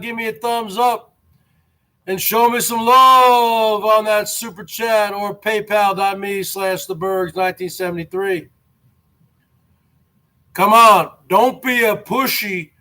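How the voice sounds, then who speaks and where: Filming from home, a man in his forties delivers a rambling, derisive rant with a high, sharp-toned voice. He's repetitive, tagging a drawn-out "man" onto line after line.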